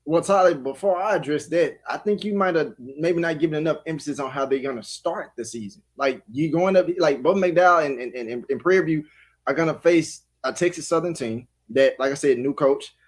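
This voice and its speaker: A man's voice: a little high, a little fast. A man analyzing a college football schedule on a live talk show, thinking aloud with many restarts. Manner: analytical, talks in restarts and fillers.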